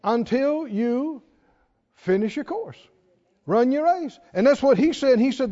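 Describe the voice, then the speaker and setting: A man's voice: extremely high pitch, animated, dark tone. Emphatic preacher man, echoing hall. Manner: emphatic, draws out scripture quotes slowly; folksy, asks the audience questions. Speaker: pastor. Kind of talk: sermon. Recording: dull lo-fi recording in a reverberant hall.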